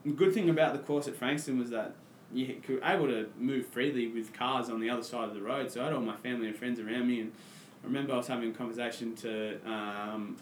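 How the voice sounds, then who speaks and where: A man's voice: medium pitch, fast talker, a little hiss or hum. Australian bloke yarning on a podcast, acts out what he said back then, bit of room echo. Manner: animated, acts out his own past lines. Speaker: podcast guest. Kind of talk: casual storytelling chat.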